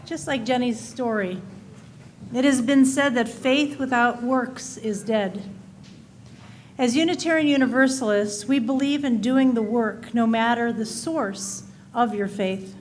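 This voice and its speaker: A woman reading the offertory announcement in a church service, steady and formal. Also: fairly high pitch, a little hiss or hum. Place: church sanctuary.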